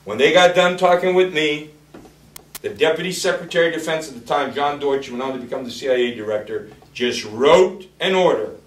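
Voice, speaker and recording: A man's voice: fairly high pitch, animated, brisk, far from the mic. A man telling colorful, blunt political stories and acting out the quotes. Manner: colorful, blunt, acts out quotes with big swings in loudness. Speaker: former congressman telling stories. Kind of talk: animated storytelling speech. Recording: echoey room, speaker away from the mic.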